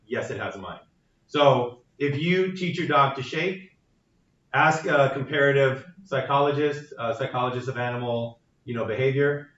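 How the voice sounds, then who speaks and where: A man's voice: mid-range voice, fairly bright tone. A male university instructor gives a lecture, explaining ideas patiently and checking in with his class. He is heard from a distance in a reverberant classroom. The recording sounds dull and a little muffled. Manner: explanatory, frequent "right?" tag questions. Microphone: room recording from a distance. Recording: echoey classroom from far off, dull.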